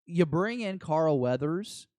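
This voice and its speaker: A man co-hosting a podcast, chatting excitedly and rambling as an eager fan. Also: a little high, slow, no echo, clean studio sound. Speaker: podcast co-host. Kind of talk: casual chat.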